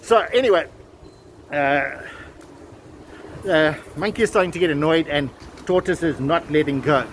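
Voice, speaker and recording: A travel vlogger walks a town street telling a folk tale, chatty and full of asides, in a casual storytelling vlog. His voice is a little high, at normal speed with long pauses, and traffic from passing cars fills the outdoor background.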